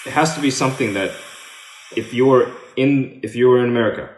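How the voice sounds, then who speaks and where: A man's voice: mid-range voice, brisk, echoey room, a little hiss or hum. A man hosting a casual chat, who keeps pressing his question with jokes and casual swearing. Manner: persistent, joking, swears casually. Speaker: host.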